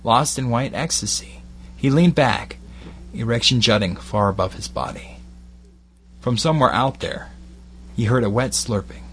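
A Glaswegian man narrating an erotic story in a measured, steady delivery with short phrased pauses. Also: mid-range voice, slight background noise.

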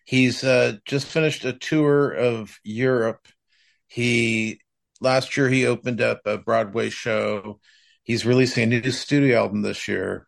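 Gravelly, hesitant male co-host. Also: medium pitch, fairly even intonation, unhurried. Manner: rambling, hesitant with many fillers. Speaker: podcast co-host. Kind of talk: casual chat.

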